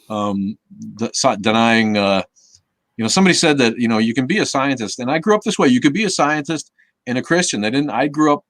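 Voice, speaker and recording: A man's voice: fairly low pitch, dry recording. Rambling, cursing man hosting a live Q&A. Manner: rambling, profane, many restarts and fillers; reads chat comments aloud and reacts. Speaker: host of a live Q&A stream. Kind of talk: casual live-stream chat.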